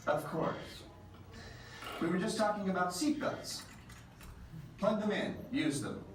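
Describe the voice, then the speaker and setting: Overconfident scientist, ride briefing, noisy and distant. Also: male voice. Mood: breezy. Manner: fast, breezy, overconfident pitch. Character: reckless, eager male time-travel scientist. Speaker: ride pre-show scientist. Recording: very echoey space from far off, ride noise.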